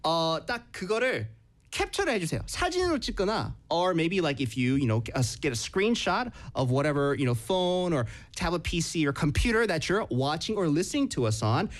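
Brief: quick, animated male radio host, bilingual patter. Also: on the high side. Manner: rapid switching between English and Korean, animated.

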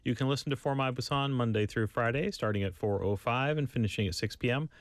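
A man's voice: medium pitch, fast talker, dry recording, studio quality. A man hosting a radio show who announces listings and chats in an easygoing way. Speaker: radio host.

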